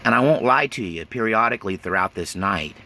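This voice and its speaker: A man's voice: lowish voice, lively intonation, fairly quick, sharp tone, a little hiss or hum. A man telling his life story in a casual, blunt and folksy way, often laughing nervously. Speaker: autobiographical storyteller. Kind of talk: casual spoken memoir.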